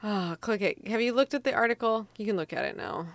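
A woman's voice: mid-range voice, fairly quick, no echo. A woman co-hosting a casual podcast chat, teasing and bossy, laughing often. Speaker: podcast co-host.

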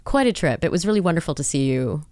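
A woman's voice: sits low, animated, quick pace, darkish tone, dry recording. A woman hosting a podcast interview, playful and emphatic, casually swearing. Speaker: podcast host.

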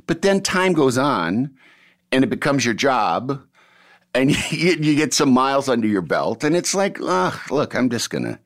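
A man's voice: medium pitch, unhurried. A man, an actor, chatting casually and telling showbiz stories, acting out the people he quotes. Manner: animated storyteller, acts out quotes. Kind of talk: casual conversation.

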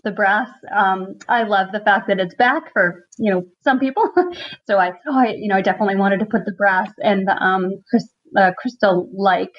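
A woman's voice: mid-range voice, normal speed. Woman chatting in an interview, laughs a lot, lots of ums, kinda dull lo-fi audio. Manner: chatty, laughs often, many "um"s and restarts. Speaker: furniture refinisher, contest winner. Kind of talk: casual interview chat. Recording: slightly dull lo-fi sound.

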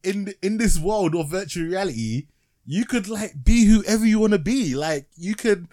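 A man's voice: high voice, animated, normal speed, warm tone, no room sound. Rambling, laughing man host. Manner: rambling, laughs often, many restarts. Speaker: podcast host. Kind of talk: casual chat reviewing a TV show.

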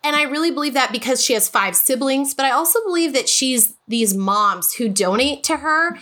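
Bright-voiced, emotional woman guest. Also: high voice, lively intonation, normal speed. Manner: emotional, earnest, full of restarts. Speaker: podcast guest. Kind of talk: casual podcast conversation.

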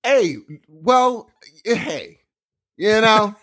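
A man's voice: sits high, animated, drawn-out words, fairly bright tone. A man in casual comedic banter, playful and teasing.

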